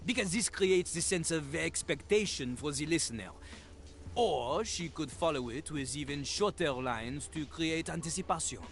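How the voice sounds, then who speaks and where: A man's voice: a little high, expressive, normal speed, fairly bright tone. An actor voicing a cocky male talking toilet who lectures and breaks into rap. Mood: lecturing.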